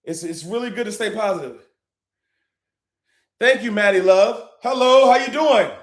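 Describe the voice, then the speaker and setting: High-voiced guy hosting a live stream, preachy and hyped, echoey room. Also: moderate pace. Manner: preachy, hyping, swings between loud and hushed. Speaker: livestream host. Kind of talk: hyped livestream talk.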